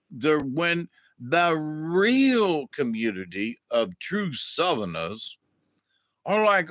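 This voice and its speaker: Man from the American South hosting a casual livestream, unhurried and rambling, dry close sound. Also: on the high side, big pitch swings, a bit bright, no echo. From southern United States. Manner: drawn-out, rambling, with restarts and acted-out quotes. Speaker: livestream host.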